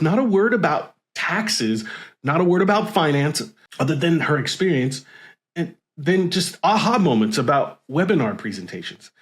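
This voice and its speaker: Animated, wry male marketing vlogger. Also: mid-range voice. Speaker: marketing video creator. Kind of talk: reviewing messages to camera.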